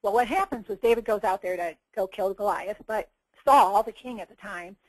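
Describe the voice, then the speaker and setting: A woman's voice: mid-range voice, normal speed, dry recording, poor audio. A woman giving a motivational coaching talk in an earnest, preachy way, acting out little quoted bits. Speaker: success coach.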